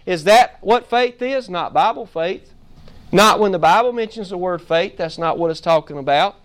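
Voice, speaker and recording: Male pastor, high and smooth-toned, sermon with call-and-response questions and scripture readings. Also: moderate pace. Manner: asks the congregation questions and answers them himself; frequent "Amen?" to the congregation.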